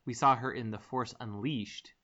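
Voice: medium pitch, fairly even intonation, normal speed, pushed and bright. A podcast host in casual chat, encouraging and prompting the others. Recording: dull audio with faint hiss.

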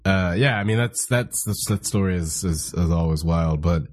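A man's voice: low voice, normal speed. A man in casual podcast chat, blunt and profane, talking through restarts and fillers.

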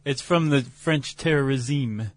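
An American man co-hosting a podcast, chatting in a relaxed, playful way with frequent restarts. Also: mid-range voice, moderate pace. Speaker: podcast co-host. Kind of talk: casual chat.

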